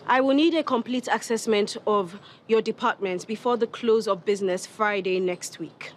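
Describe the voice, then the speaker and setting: A woman's voice: mid-range voice, moderate pace, slight background noise, lightly acted. A woman with a Nigerian accent playing a haughty young company executive in a TV drama, talking in a cold, cutting, condescending way. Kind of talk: TV drama acting.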